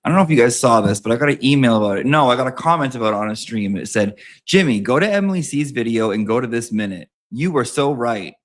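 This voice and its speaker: A man's voice: quick pace, hardly any pauses. A young man hosting a casual reaction commentary, campy and profane with jokey asides. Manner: profane, campy, jokey, lively pitch swings. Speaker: commentary host.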